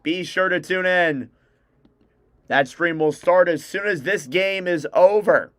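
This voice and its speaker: A young fan livestream host calls a hockey game live, firing off player names as the action shifts and fixing his own slips. His voice sits high and a touch bright, recorded dry at studio quality.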